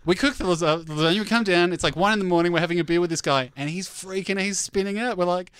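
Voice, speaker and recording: A man's voice: sits high, fast, few pauses, a bit bright, clean tone, dry recording. A man on a podcast as a guest, telling a funny story and acting out the people in it, laughing along. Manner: acts out people's voices, laughs as he talks. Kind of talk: animated comedic storytelling.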